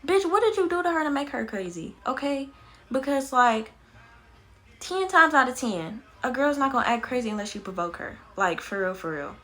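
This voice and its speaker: A young woman vlogger telling her own story candidly, animated, blunt and swearing freely. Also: fairly high pitch. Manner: animated, blunt and profane, many fillers.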